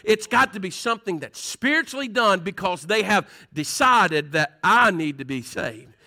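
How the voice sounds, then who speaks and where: A Southern pastor preaching in a folksy, conversational way, drawing his congregation in with questions and "Amen?". His voice sits high for a man and sounds bright and ringing. He moves between loud, lifted passages and quieter ones. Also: animated, normal speed. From Southern United States. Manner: folksy, call-and-response preaching with laughs and "Amen?". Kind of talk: sermon.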